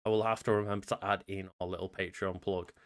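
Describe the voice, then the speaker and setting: A man's voice: sits low, flat delivery, fast, smooth. A young man co-hosting a casual podcast, chatty, running through the show plugs. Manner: chatty, reads promo plugs in a customer-service cadence. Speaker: podcast co-host.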